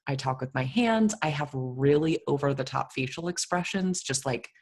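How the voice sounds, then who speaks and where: Low-voiced woman co-hosting a podcast. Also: moderate pace, slightly rough. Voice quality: deep, soothing voice. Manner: animated and expressive, filler-heavy, laughs often. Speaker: podcast co-host. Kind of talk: casual conversational interview.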